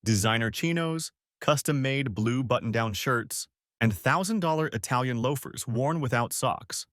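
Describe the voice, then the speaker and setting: A man narrating a story audiobook with a lively, expressive delivery into a close mic. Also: medium pitch, normal speed, no echo.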